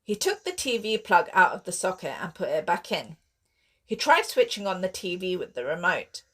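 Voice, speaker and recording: A woman author reading her own sci-fi horror novel aloud in steady, expressive audiobook narration. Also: lowish voice, normal speed.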